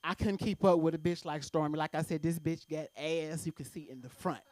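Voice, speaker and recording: A woman's voice: low voice, steady tone, a little fast, a little mellow, no echo. A woman doing a brash, profane stand-up set at an open mic in a comedy club.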